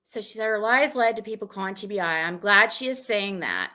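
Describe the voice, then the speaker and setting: Woman, streamer, venting, exasperated, rambling, bright tone. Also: medium pitch, animated, a little fast. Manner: exasperated, rambling, retelling an argument with many restarts.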